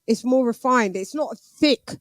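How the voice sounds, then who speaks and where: A woman hosting a casual chat, teasing her guest in quick back-and-forth. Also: on the high side, dry recording. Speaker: host.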